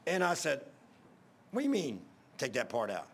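Gravelly preacher telling a story. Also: male voice, medium pitch, wildly swooping pitch, moderate pace. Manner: rambling, repeats himself, swells loud at emotional peaks. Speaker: pastor. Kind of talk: folksy storytelling sermon.

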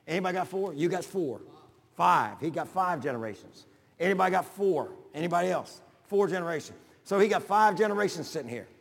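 Older pastor, gravelly and high-pitched, folksy sermon delivery in a reverberant church. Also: male voice, animated, fairly quick. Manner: folksy, builds to shouting.

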